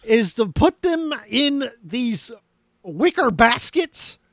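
On a casual movie-review podcast, a high-pitched male co-host talks through an old film, his pitch swinging as he mocks the plot. Animated, sarcastic and quick to laugh, he speaks slowly, and the close, dry sound has no echo.

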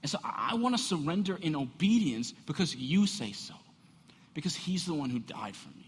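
A man preaching a sermon as a pastor, animated and conversational, often asking the congregation rhetorical questions. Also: on the high side, moderate pace, husky. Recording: echoey hall.

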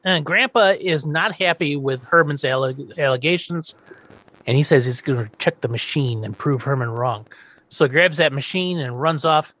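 A man's voice: fairly high pitch, normal speed, fairly bright tone. A man casually recapping a TV episode on a podcast, quoting the characters and laughing often. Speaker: podcast host.

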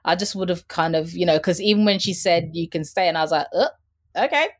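A woman's voice: on the low side, steady tone, quick pace. A woman talking casually as a podcast guest and fashion insider, chatty, with frequent laughter and fillers. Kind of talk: casual chat about a TV show.

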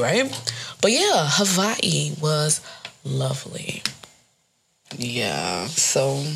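Young woman podcast host, lowish gravelly voice, animated storytelling. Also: slight background noise. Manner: animated storytelling, swearing, laughing. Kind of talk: casual solo podcast talk.

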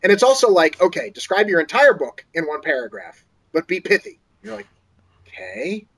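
A man's voice: normal speed, vocal fry, slightly rough, poor audio. A man, an author guest on an interview podcast, telling a story casually and acting out other people's lines in a lifted voice. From Boston area. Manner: animated, acts out quoted voices in a higher pitch.

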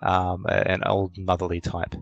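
A man's voice: sits low, monotone, moderate pace, vocal fry, muffled recording, soft background music. A man narrating as game master of a tabletop role-playing game, hesitant and full of fillers.

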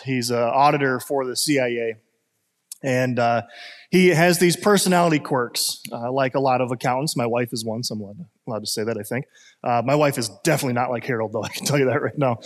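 Chatty male pastor in a reverberant hall. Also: fairly high pitch. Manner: conversational, storytelling with many fillers. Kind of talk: sermon.

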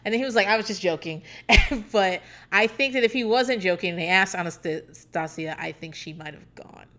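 A young woman from Virginia hosting a podcast, chatting casually, cursing freely, laughing a lot and acting out quotes in a high voice. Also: fairly even intonation, moderate pace, a bit bright. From Hampton Roads, Virginia. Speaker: podcast host. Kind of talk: casual storytelling chat.

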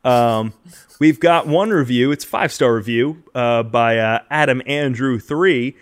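A man co-hosting a podcast, reading out listener reviews with lots of fillers and restarts in a casual chat. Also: mid-range voice. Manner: halting, many fillers and restarts.

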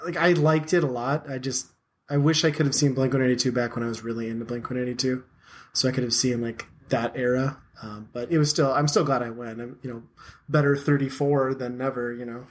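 A man's voice: medium pitch, fairly even intonation, fairly quick. Thirtysomething podcast host guy, rambly and self-deprecating, says "like" a lot. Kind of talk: casual podcast chat.

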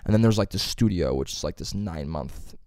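A man's voice: low voice, a little fast, no room sound, studio quality. Young man telling profane stories. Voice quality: profane, rambling storyteller. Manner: animated, acts out quotes loudly. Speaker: podcast co-host. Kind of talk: casual chat.

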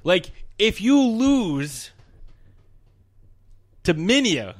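Animated, swearing podcast host man. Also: high-pitched, extremely slow. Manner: animated, profane, laughs often. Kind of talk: casual chat.

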